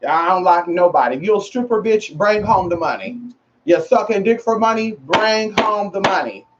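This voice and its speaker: An expressive woman with a mid-range voice and moderate pace vlogs casually to camera. She is sassy and slangy, repeating phrases for emphasis and calling listeners girl and honey, on a muffled lo-fi recording.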